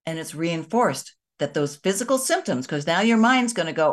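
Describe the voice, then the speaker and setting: A woman hosting a show, talking to her viewers in a gentle, conversational way. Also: fairly low pitch, expressive, normal speed, few pauses. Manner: gentle, conversational, with soft emphatic asides. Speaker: host of a kindness and energy show. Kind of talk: reflective spoken talk to viewers.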